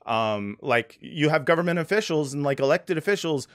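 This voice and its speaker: A man with a somewhat high voice hosts a relaxed podcast interview. He rambles and hesitates, circling back with fillers and false starts as he thinks aloud. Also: moderate pace. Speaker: podcast host. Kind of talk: casual interview chat.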